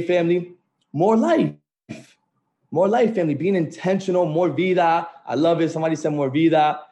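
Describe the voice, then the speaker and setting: Male motivational host, slightly higher voice, upbeat and repetitive, talking over a video call. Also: mellow, muffled recording. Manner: upbeat, repetitive, keeps saying "right?" and "family". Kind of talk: motivational group call talk.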